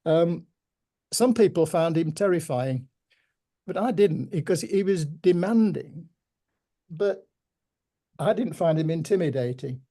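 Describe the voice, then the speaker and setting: An older man with a Yorkshire accent, telling stories in a measured, reflective way with gentle humour during an interview. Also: fairly high pitch, animated. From Yorkshire, England. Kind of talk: reminiscing conversation.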